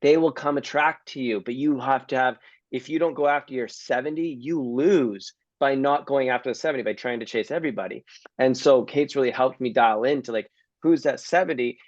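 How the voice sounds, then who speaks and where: A man's voice: medium pitch, no room sound, highs cut off. A man hosting a community video call, talking casually and earnestly, with some rambling restarts. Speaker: host of a giving community call. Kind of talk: casual chat.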